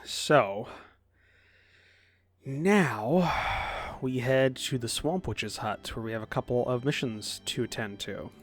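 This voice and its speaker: A man hosting a let's play, giving relaxed, casual commentary as he plays. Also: medium pitch, takes it slowly. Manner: relaxed, reads dialogue aloud with filler words.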